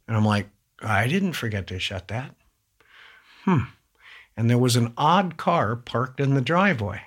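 Male interviewee, unhurried storyteller, deliberate delivery, mid-range voice. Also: mid-range voice. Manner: deliberate, measured, rising sharply when quoting shouts. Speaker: interviewee recounting an attack. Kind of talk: slow first-person storytelling.

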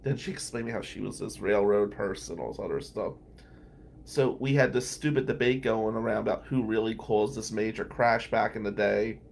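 A man's voice: on the low side, normal speed, gravelly, slight background noise. A man from Atlantic City who is a criminal defense lawyer and podcast host, telling stories in a casual, rambling way and chuckling between remarks. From Atlantic City, New Jersey. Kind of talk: casual anecdotal storytelling.

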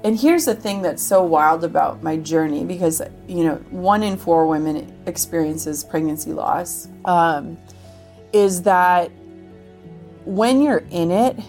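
A woman's voice: fairly low pitch, a little slow, a little mellow, soft background music. A woman from Minnesota, a guest on an interview podcast, chatting casually with frequent "like" fillers and acting out quoted conversations. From Minnesota, USA.

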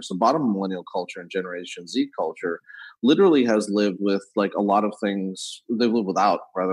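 Husky-voiced man, rambling guest. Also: fairly low pitch, poor audio. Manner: fast-talking, digressive, many restarts. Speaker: podcast guest. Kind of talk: casual podcast interview. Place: London.

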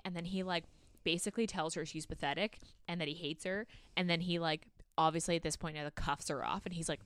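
A woman's voice: lowish voice, a little fast, no room sound. A woman co-hosting a podcast, casually talking through a book and acting out characters' lines with frequent swearing. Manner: animated retelling, acting out quotes, swears. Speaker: podcast co-host.

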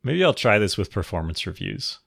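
Low gravelly guy on a podcast, wry understated chat, dry close sound. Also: sing-song, a little fast, a bit bright, no room sound. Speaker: podcast co-host. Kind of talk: casual chat.

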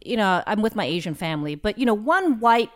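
A woman's voice: mid-range voice, fairly quick. Chatty woman guest on a video call. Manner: chatty, animated, many fillers. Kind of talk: casual podcast chat.

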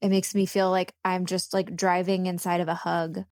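A woman co-hosting a casual comedic chat, with crisp, careful enunciation and a dry, wry manner. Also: on the low side, little pitch movement, normal speed, a little mellow, dry recording. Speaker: podcast co-host.

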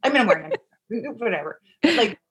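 A woman guest telling a personal story in casual conversation, swinging between loud excitement and hushed, quiet tones. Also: on the high side, fairly quick, breathy edge.

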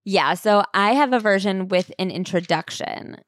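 A woman's voice: medium pitch, moderate pace, dry recording. A woman co-hosting a podcast in casual chat, playful and laughing, on a close mic. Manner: chatty, laughing, playful asides. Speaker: podcast co-host.

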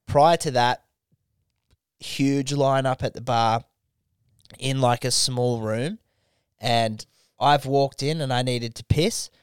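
A man's voice: mid-range voice, fairly even intonation, slow pace, long pauses, clean tone, dry recording, clean studio sound. A young man hosting a casual comedy podcast, telling crude stories with lots of swearing and laughter. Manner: crude, laughing storyteller, mimics voices. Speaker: podcast host.

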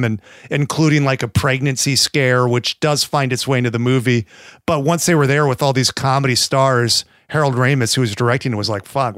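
A man's voice: medium pitch, a bit bright, clean tone, dry recording, studio quality. An American man co-hosting a podcast, rambling in casual chat, swearing freely and slipping into playful mock accents. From United States. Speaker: podcast co-host.

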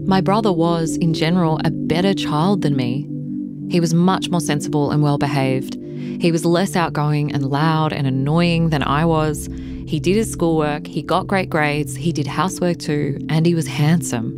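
A woman reading aloud from her own memoir in a measured, intimate storytelling manner. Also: low-pitched. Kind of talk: audiobook-style memoir reading.

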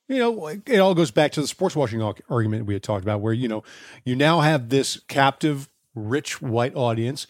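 Sardonic, foul-mouthed male co-host, average pitch, dry close mic. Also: dry recording. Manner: profane, blunt, sardonic. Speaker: podcast co-host. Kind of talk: casual chat.

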